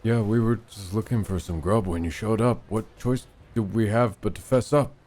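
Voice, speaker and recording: A man's voice: fairly low pitch, moderate pace, darkish tone, slight background noise, lightly acted. A British man reading the lines of sheepish male street crooks who admit they were only looking for food.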